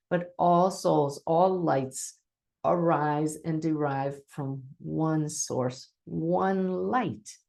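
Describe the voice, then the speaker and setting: Expressive, lower-voiced woman telling a story. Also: gravelly. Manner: expressive, re-enacts dialogue while recounting. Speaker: spiritual medium and teacher. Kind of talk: storytelling in a webinar talk.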